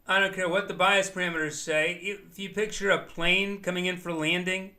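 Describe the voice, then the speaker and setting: Bright, methodical man explaining trades. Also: sits high, fairly even intonation, moderate pace. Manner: methodical explaining, thinking aloud. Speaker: trading educator. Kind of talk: live market commentary.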